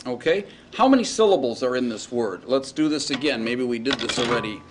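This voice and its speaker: A man delivers a recorded classroom lecture on Hebrew grammar in a mid-range voice. He talks in a halting way, filling pauses with ums and restarting sentences. A faint noise hangs behind the recording. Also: mid-range voice, expressive. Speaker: Hebrew instructor.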